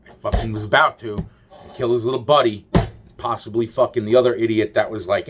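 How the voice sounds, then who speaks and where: Man, lowish voice, profane, rambling, exasperated monologue. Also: fairly even intonation, a little fast, a little hiss or hum. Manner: heavy swearing, rambling, exasperated; trails off with repeated sighs of "wow".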